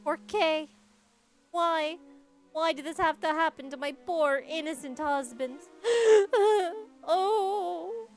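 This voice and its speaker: A woman's voice: drawn-out words, creaky, dark tone, faint music behind, heavily acted. A woman doing a sobbing, wailing village widow. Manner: wailing, tearful and high-pitched. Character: grieving village widow, sobbing over husband.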